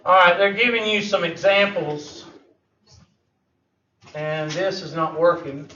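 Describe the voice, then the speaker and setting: A man's voice: high voice, fairly even intonation, slow pace, bright, forceful tone, a little hiss or hum. A man teaching a math class, joking and folksy as he lectures. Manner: joking, folksy, drawled Southern phrasing. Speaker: math instructor. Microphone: far room mic. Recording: echoey, distant, muffled classroom recording.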